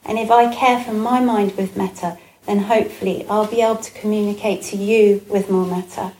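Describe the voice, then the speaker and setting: A woman giving a Buddhist dharma talk, gentle and reflective, with frequent pauses and fillers. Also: medium pitch, steady tone, a little hiss or hum. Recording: echoey room with faint ambience.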